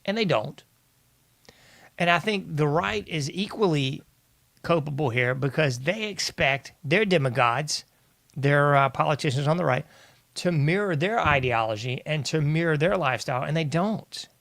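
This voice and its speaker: A man's voice: on the high side, expressive, moderate pace, vocal fry, a bit bright, no echo. A male host giving an exasperated, ranting political commentary monologue, often addressing his listeners as "folks".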